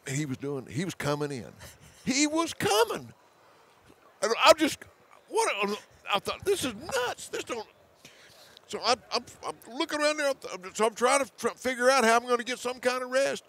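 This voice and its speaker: A man telling a hunting story as a guest, animated, laughing often, with hurried restarts and repeated words. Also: extremely high pitch. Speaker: hunting show host as guest. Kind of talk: storytelling in conversation.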